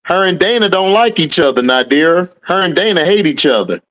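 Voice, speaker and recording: A man's voice: high-pitched, big pitch swings, brisk, a bit bright. A man hosting a casual livestream, reading out viewer names and answering the chat, laughing often. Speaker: livestream host. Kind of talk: casual live-chat commentary.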